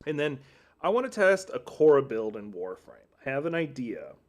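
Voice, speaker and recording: A man's voice: mid-range voice, sing-song, moderate pace. A man streaming from his desk, chatting casually in a rambling, self-deprecating way with jokey asides. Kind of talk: casual livestream chat. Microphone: desk mic at computer setup.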